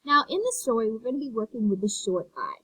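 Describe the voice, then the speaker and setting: A woman's voice: fairly high pitch, very animated, fast talker, a bit bright, slightly rough, dry recording, poor audio. A woman teaching first graders an online phonics lesson, spelling words letter by letter and praising them.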